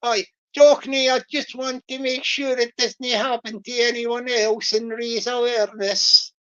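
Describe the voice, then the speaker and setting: A man's voice: very high-pitched, flat delivery, unhurried, a bit bright, clean tone. A streamer voicing an earnest man with a Fife Scots accent who uses Scots words, heard on a dull lo-fi recording.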